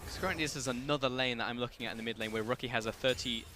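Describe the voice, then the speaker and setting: Fast-talking male esports play-by-play caster. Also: mid-range voice, background noise. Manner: fast, rising to excited shouts on big plays. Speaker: esports commentator. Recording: commentary over game music.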